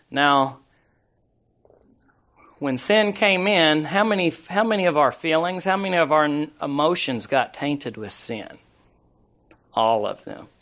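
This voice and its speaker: Pastor preaching, slightly high voice. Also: male voice, lively intonation, takes it slowly, long pauses, a bit bright. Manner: conversational preaching with many fillers and restarts, scripture read aloud. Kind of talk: sermon.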